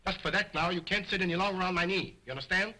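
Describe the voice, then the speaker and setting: A man's voice: high-pitched, steady tone, quick pace, bright, forceful tone, heavily acted, poor audio. An actor playing a stern, domineering stage ventriloquist who scolds his dummy, in early talkie style. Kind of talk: 1920s early talkie acting. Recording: old film soundtrack.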